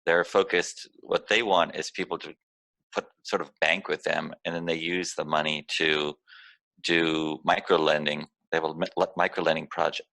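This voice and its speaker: A man's voice: extremely low pitch, level tone, normal speed, gravelly, bright, forceful tone, no echo. A man being interviewed as a company founder, talking candidly and with emphasis as he explains things at length. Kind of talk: casual interview chat.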